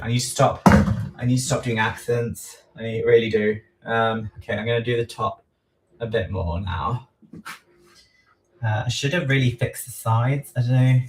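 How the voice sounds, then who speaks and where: A man's voice: mid-range voice, slight background noise. A man chatting casually on a livestream while he frosts a cake at home, rambling and poking fun at himself, with lots of ums. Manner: slow, rambling, self-deprecating, many ums. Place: home kitchen. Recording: echoey room, voice far from mic.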